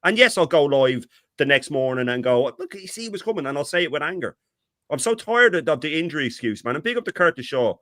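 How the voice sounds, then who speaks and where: A man's voice: on the high side, lively intonation, fast, a bit bright, dry recording, clean studio sound. Exasperated man ranting on a fan show. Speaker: co-host. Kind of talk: heated fan talk.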